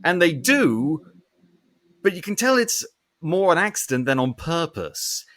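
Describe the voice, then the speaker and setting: Male podcast host, fairly high-pitched, animated and ranty, casual film review chat. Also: a little slow. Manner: animated ranting with frequent swearing.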